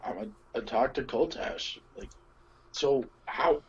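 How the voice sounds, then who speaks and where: A man playing Basil, a hesitant, husky-voiced adventurer. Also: mid-range voice, a little slow, voice pushed up. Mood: earnest. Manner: hesitant, stammering restarts. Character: concerned male adventurer visiting a jailed friend. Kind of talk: in-character tabletop role-play. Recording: dull lo-fi mic.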